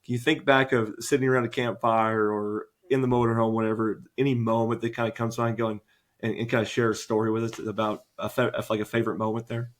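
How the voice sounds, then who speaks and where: Relaxed man hosting a podcast. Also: fairly low pitch, fast. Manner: relaxed, friendly questioning. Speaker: podcast host. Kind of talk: casual podcast interview.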